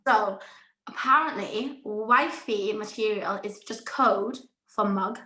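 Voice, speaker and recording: A woman's voice: medium pitch, takes it slowly, pushed and bright, echoey room. A woman in her twenties, a podcast guest chatting casually, giggly and self-deprecating. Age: 20s. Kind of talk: casual chat.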